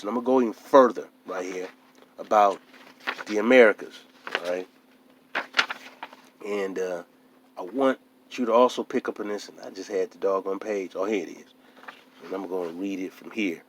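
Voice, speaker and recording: A man giving an informal lecture to his audience, reading aloud from a book and stressing his points by repeating them. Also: fairly low pitch. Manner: emphatic, repeats key phrases; calls his listeners brothers and sisters. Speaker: speaker addressing his audience.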